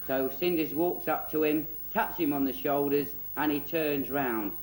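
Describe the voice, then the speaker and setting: A man's voice: fairly high pitch, fairly even intonation, unhurried, darkish tone. A man, presenting and telling a spoof children's story in a cheeky, giggly storybook tone. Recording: roomy echo.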